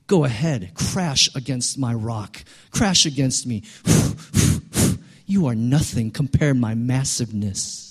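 A man's voice: expressive, slightly rough. A man voicing a boastful, unshakable talking rock that scoffs at crashing waves in a sermon. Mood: scornful. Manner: scoffing, slow and low.

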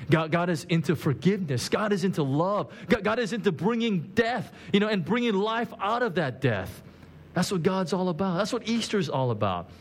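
A man's voice: high voice, expressive, normal speed. A man preaching a sermon in a conversational way, acting out the quoted lines with big swings in his voice. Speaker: pastor.

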